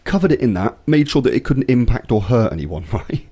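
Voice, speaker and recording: Lively, swearing man telling a story. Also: mid-range voice, brisk, slightly rough. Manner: animated storytelling, swears often, acts out voices in anecdotes. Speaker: podcast co-host. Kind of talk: casual chat.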